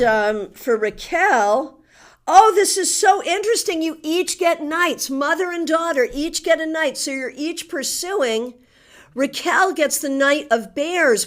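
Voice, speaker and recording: A woman with a New England accent, a tarot reader chatting with her live audience and giving card readings in a friendly, teasing way. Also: sits high. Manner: chatty, warm teasing with frequent laughter.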